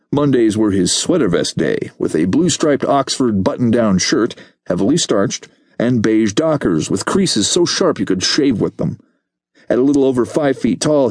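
A man narrating an audiobook in the first person, with a lowish voice and a wry, laid-back delivery. The studio recording is close and dry, with no room sound. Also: darkish tone, no room sound.

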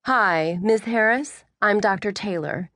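A woman voicing a calm, steady veterinarian mother who talks in a reassuring way. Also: medium pitch, a little slow, no echo, clean studio sound, close to an everyday voice.

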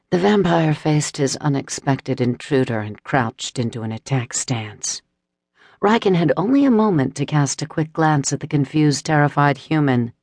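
Woman narrating a dark fantasy audiobook. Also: sits low, no room sound, clean studio sound. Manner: steady, dramatic storytelling.

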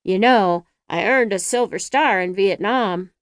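Boastful short middle-aged man, voiced by a woman, quick, smooth, dry audiobook voice. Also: mid-range voice, no echo, lightly acted. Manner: boastful, brisk.

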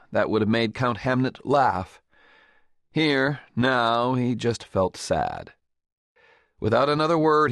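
A male narrator reads a fantasy novel in a measured, expressive way. His voice sits low and steady. The recording is close and dry, with no room sound. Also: no room sound. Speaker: audiobook narrator. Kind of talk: scripted audiobook narration.

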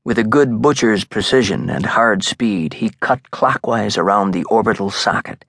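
Low, gravelly male narrator. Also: normal speed, a bit bright, no echo. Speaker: audiobook narrator. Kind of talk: scripted narration. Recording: dry, close studio sound.

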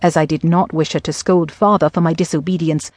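A woman narrating an audiobook in the first person with measured, even storytelling. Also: low-pitched, dry recording.

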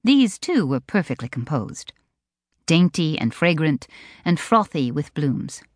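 Low-voiced woman narrating an audiobook. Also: measured pace, no echo, studio quality. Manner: expressive storytelling.

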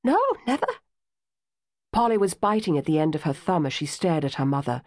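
A woman narrating an audiobook in a lively, expressive reading. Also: sits low, fast, no echo, studio quality. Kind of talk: scripted narration.

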